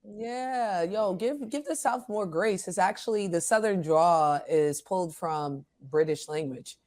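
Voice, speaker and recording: A woman with a New York accent co-hosting a podcast, quick and playfully argumentative in casual chat. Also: lowish voice, a little mellow. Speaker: podcast co-host.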